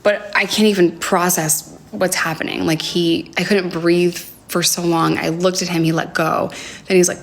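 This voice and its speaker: A young woman telling a personal story on a livestream from home, talking in a halting, hesitant way with many fillers and sometimes dropping to a near whisper. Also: on the low side, level tone, creaky, slight background noise. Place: home, indoors. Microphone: phone livestream.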